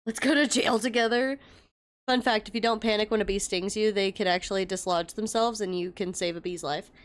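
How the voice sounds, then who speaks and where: A young woman livestreams in a mid-range voice, a little fast and fairly even in intonation. She chats casually with her viewers, greeting them by name, telling stories and swearing freely.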